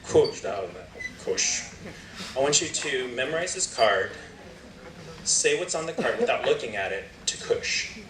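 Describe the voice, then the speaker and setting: A man leads volunteers through a game in a large lecture hall, coaxing and joking as he goes. He sits at an ordinary pitch and sounds distant, caught from far off. The echo of the hall and the crowd noise surround him. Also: animated, moderate pace, long pauses. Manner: playful, coaxing, laughs often. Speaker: guest lecturer.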